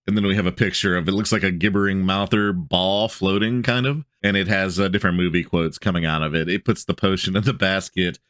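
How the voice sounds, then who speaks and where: A man with a very deep voice reads a gaming blog post aloud. He drifts between steady reading and offhand joking asides. The sound is dry and close, with no room echo. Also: fairly quick, few pauses. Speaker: tabletop gaming video host.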